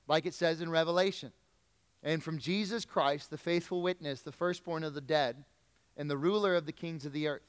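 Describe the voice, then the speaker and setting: Pastor, male, conversational preacher; smooth, clear voice in a reverberant church. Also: high voice, fairly bright tone. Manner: conversational preaching, asks the congregation questions. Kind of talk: sermon. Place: church sanctuary.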